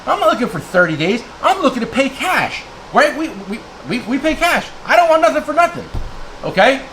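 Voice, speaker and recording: A man's voice: very high voice, very animated, a little fast, background noise. A man from New Jersey, a tool dealer, ranting heatedly to his viewers in a blunt, name-calling way, checking in with "okay?" again and again. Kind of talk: heated rant to camera.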